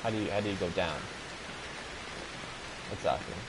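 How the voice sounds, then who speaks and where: A man's voice: low-pitched, expressive, normal speed, heavy background noise. A young man commenting on a horror game, panicky, swearing and repeating himself. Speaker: gaming video host.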